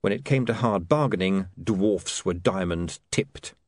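A man reading an audiobook in a dry, measured manner. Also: sits low, no room sound. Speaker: narrator.

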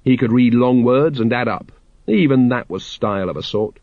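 A man narrating a story aloud in a wry, expressive way. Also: mid-range voice, moderate pace, dry recording, narrow, tinny audio. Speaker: audiobook narrator.

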